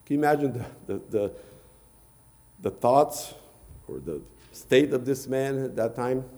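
A man's voice: medium pitch, animated, measured pace, dark tone. A man preaching a sermon, retelling scripture in archaic phrasing and often repeating words.

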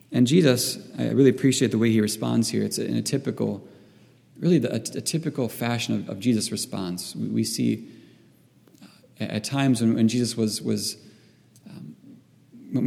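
A man's voice: medium pitch, gravelly, dark tone. A man preaching a sermon to his church. He halts often and repeats words while he searches for the right phrasing. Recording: long reverb in a hall.

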